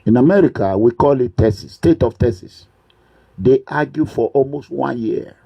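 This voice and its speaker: A man with a Nigerian accent giving an impassioned political monologue, preachy and repetitive, at times breaking into shouts. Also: medium pitch, moderate pace, gravelly, husky, highs cut off. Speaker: political commentator.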